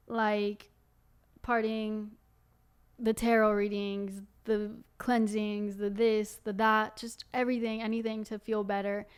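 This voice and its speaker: A young woman candidly telling her life story to camera as the host of her own show, talking in a quick, loose flow with many fillers. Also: fairly high pitch, clear, resonant tone. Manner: candid and fast-flowing, full of fillers like "like". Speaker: singer and video host.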